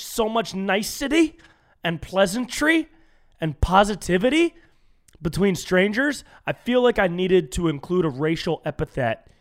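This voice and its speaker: Young male comic host from California, loose and animated, slightly high voice, jumps into silly voices for quoted strangers. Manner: animated storytelling, acts out quoted strangers in higher voice. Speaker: comedian podcast host. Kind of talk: solo comedy podcast monologue.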